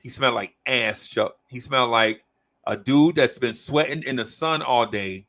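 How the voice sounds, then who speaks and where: A podcast host speaks at normal speed with a medium-pitched voice as he tells a long story in casual chat. He's animated, performing the quoted voices of the people in the tale.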